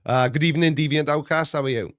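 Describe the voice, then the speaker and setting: A man's voice: on the high side, quick pace, no echo, clean studio sound. A middle-aged man hosting a casual live chat, joking, laughing often and reading out viewer messages. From Wales. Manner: jokey, laughs often, reads chat aloud. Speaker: livestream host.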